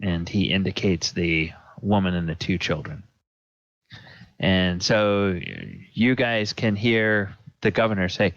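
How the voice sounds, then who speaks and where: In an online tabletop session, a man acts as dungeon master, narrating slowly and haltingly with plenty of fillers. His voice is low and steady, picked up by a home computer mic as dull, dry lo-fi audio with no echo.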